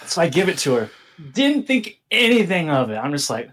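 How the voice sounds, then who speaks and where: A young man on a podcast, telling a story in casual chat with lively swearing and laughter. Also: a little high, normal speed, husky. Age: young adult. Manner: animated, swearing, laughs through his story. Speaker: podcast co-host.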